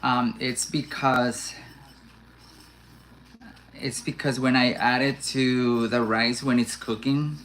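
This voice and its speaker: A woman hosts a live cooking stream from her home kitchen, talking slowly and casually as she works, often stopping to restart her sentences. The room rings with echo, and pots, cutlery and dishes clatter loudly behind her. She chats to her viewers as if they were standing right beside her. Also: a bass voice, slight background noise. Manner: chatty, talks to herself while cooking, rambling restarts. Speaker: cooking livestream host. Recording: echoey kitchen with loud pan and dish clatter.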